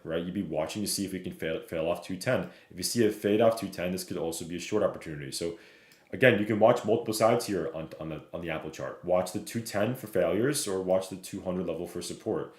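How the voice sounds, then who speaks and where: A man streaming live, walking viewers through stock charts, reading the chat and checking in with "right?" and "okay?". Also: deep voice. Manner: fast, repeats "right?" and "okay?", reads chat aloud. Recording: roomy echo.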